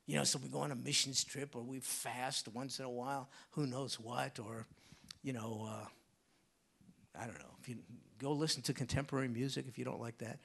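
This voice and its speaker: Husky man preaching a sermon. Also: medium pitch, steady tone, brisk. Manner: swings from loud emphatic bursts to hushed whispers.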